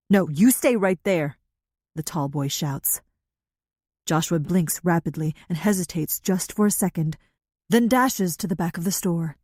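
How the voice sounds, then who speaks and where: An audiobook narrator, a woman, reads a novel aloud in a steady, measured storytelling manner. Her voice sits lowish, and the studio-quality recording has no echo.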